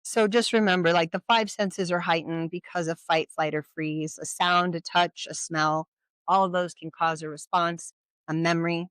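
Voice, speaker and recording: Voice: mid-range voice, fairly even intonation, normal speed, fairly bright tone, clear, resonant tone, no echo. Chatty workshop presenter, dry close sound. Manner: conversational, with frequent rhetorical questions and audience check-ins. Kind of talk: informal educational talk. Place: community event at a brewery.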